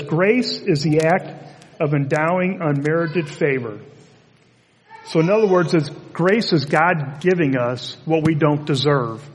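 Male pastor, slightly high voice, easygoing chatty sermon, long church reverb. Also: slight background noise. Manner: relaxed, chatty storytelling delivery. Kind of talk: conversational sermon. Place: church sanctuary.

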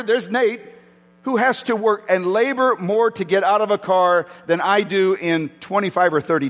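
A man's voice: sits high, fairly bright tone, big-room sound. A man preaching a sermon as pastor in a church, telling self-mocking stories with many stumbles and restarts. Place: church hall.

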